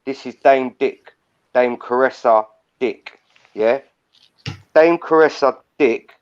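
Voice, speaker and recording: A man's voice: medium pitch, slow, clean tone. An older man, ranting heatedly and swearing a lot on a live stream. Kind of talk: angry ranting live chat. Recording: muffled lo-fi stream audio.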